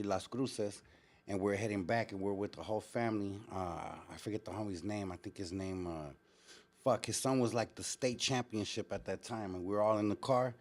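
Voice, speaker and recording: A man with a lowish voice hosts a live call-in show. He tells a story in loose, casual slang with plenty of easygoing pauses. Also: darkish tone. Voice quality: slang-heavy, laid-back storytelling. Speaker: host. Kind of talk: casual live-stream talk.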